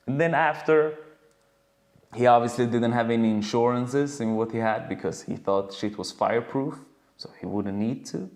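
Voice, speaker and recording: A man coaching dancers in a casual webinar, telling stories in an animated way and swearing freely from a home video call. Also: medium pitch, normal speed.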